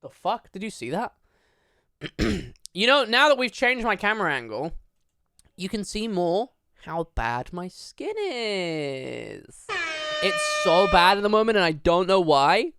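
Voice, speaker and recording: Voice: medium pitch, sing-song, unhurried, fairly bright tone, no echo, clean studio sound. A livestreamer chatting casually at a home desk, rambling with lots of fillers and casual swearing. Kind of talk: casual live-stream chat.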